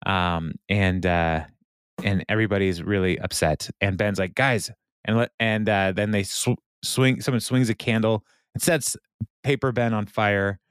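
A man's voice: fairly low pitch, steady tone, normal speed, clean tone, no room sound, clean studio sound. A man co-hosting a podcast, recapping a TV episode in loose, rambling casual chat full of fillers and laughs.

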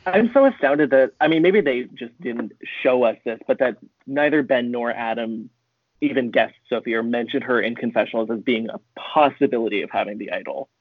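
A man joining a podcast in casual chat, making relaxed, wry remarks. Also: mid-range voice, a little fast, no room sound. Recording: tinny phone-like line, dry.

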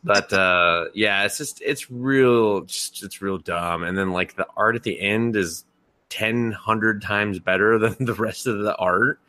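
A man's voice: fairly low pitch, measured pace, bright, forceful tone, no room sound. A man casually retelling scenes as a podcast co-host, rambling with lots of fillers and laughs. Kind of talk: casual chat.

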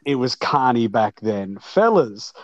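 An Australian man, a guest on a podcast, telling stories in casual chat with lively jokes and acted-out lines. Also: medium pitch, a little slow, highs cut off, a crowd in the background. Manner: lively, joking, acts out dialogue. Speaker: podcast guest, wrestling promoter.

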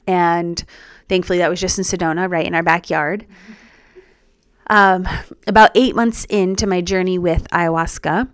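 A young woman telling her personal story as a podcast guest, earnest and reflective, in a soft-spoken way. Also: on the low side, steady tone, normal speed, clear, resonant tone, no room sound, clean studio sound.

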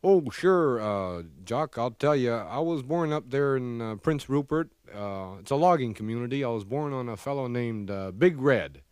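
A man voicing a slow, folksy Canadian body crab with a Canadian accent, saying "eh?" and "by golly" as his words trail off low in a comedy record sketch. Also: expressive, a little mellow, clear, resonant tone, dry recording, studio quality, lightly acted.

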